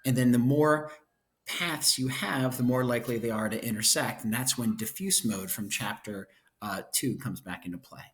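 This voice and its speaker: A male teacher talks his class through a textbook chapter in a relaxed, conversational way. He drops playful asides and checks in with his listeners after almost every point. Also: medium pitch, normal speed. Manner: chatty, checks in constantly with "right?" and "okay?"; playful asides, enthusiastic about cute pictures. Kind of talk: casual lecture walking through a book chapter.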